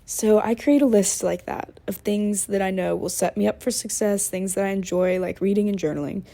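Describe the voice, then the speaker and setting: A woman's voice: mid-range voice, moderate pace, vocal fry, mellow. A woman hosting her own podcast, chatting casually and candidly, venting with swearing and laughter. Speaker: podcast host. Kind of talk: casual solo podcast chat.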